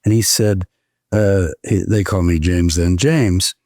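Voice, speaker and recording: A man's voice: deep voice, a little slow, no room sound, studio quality. Man in his seventies telling stories. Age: 70s. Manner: lively, quotes others in voiced asides. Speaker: guest scholar. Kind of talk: anecdotal storytelling in conversation. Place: indoors, in-person conversation.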